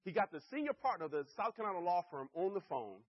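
A middle-aged man delivers a fast, energetic sales pitch and keeps turning to his listeners for agreement. His voice is husky and slightly raised, and the recording sounds dull and muffled. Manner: energetic, keeps checking in with the audience. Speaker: sales presenter. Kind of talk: live sales presentation. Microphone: handheld or stand mic.

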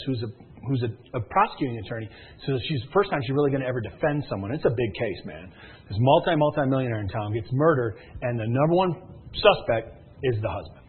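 A man telling a movie plot as a comedy bit, an excitable storyteller who gets louder and shouts as it builds. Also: mid-range voice, slightly rough. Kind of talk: comic retelling of a movie plot. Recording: thin phone-like sound.

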